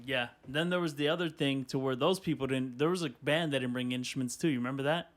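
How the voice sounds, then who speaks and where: A man's voice: mid-range voice, quick pace. A man who is a guest on a podcast, talking in laid-back, profane casual chat.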